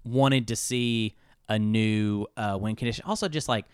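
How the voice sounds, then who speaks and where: A man's voice: lowish voice, moderate pace, smooth, no echo, studio quality. A man co-hosting a podcast, chatting casually and jokily about board games, rambling and interrupting himself. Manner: rambling, jokey, self-interrupting. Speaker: podcast co-host.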